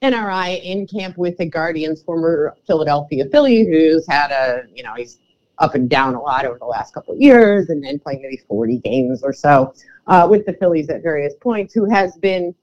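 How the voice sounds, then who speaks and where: Lively-voiced woman podcast co-host. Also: low voice, normal speed. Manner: chatty, laughs often, trails off mid-sentence. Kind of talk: casual sports podcast chat. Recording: dull lo-fi audio.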